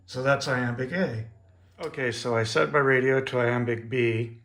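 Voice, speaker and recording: A man at his home radio station giving a casual how-to demonstration, explaining in a relaxed way with frequent fillers. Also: medium pitch. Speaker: ham radio operator explaining iambic keying. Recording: echoey room with audible background noise.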